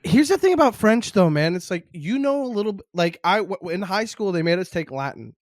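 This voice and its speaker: A man's voice: sits high, fairly quick, dry recording, clean studio sound. A young man from Montreal, a stand-up comedian, chatting casually as a podcast guest and telling jokey stories. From Montreal, Quebec. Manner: animated, jokey storytelling.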